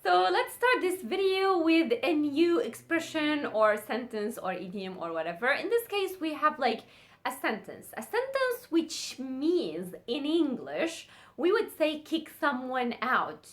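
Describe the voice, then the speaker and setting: A woman teaching a casual online language lesson, repeating words slowly and drilling conjugations quickly. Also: sits high, big pitch swings. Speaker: Arabic teacher.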